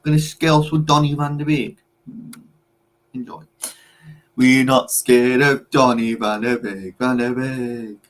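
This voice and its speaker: A man's voice: medium pitch, steady tone, unhurried. A young man co-hosting a football watchalong, teasing rival fans in casual, repetitive banter.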